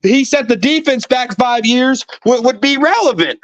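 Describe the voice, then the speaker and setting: A man with a high voice hosts a sports debate, firm and steady as he pushes back on a guest. The recording is dry and close, with no room sound. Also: moderate pace, no room sound, lo-fi sound.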